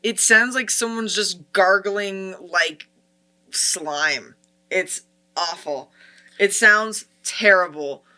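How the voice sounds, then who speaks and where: A woman's voice: mid-range voice, takes it slowly, sharp tone, smooth. A woman co-hosting a casual podcast, giving opinionated explanations with many filler words. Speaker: podcast co-host.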